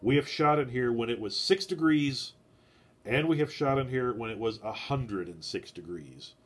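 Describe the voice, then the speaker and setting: A man with a stuffy nose hosts a loose live stream from his garage shed. He wanders from one thought to the next, fills his pauses with "uh", and talks straight to his viewers. His pitch sits in an ordinary middle range. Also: lively intonation. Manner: meandering, heavy on "uh" fillers, chats with viewers. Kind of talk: rambling casual live-stream chat.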